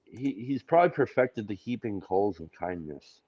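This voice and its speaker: Man, co-host, casual stream chat, rambling jokes, low voice, dull lo-fi audio. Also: expressive, normal speed. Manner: joking, rambling, laughs often. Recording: muffled lo-fi audio.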